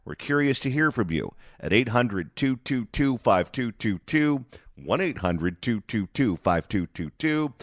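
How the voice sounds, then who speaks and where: Lively radio host, dry studio mic. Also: male voice, medium pitch, no echo. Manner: lively, jokey, quick to move on. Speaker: radio talk show host. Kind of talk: call-in radio talk.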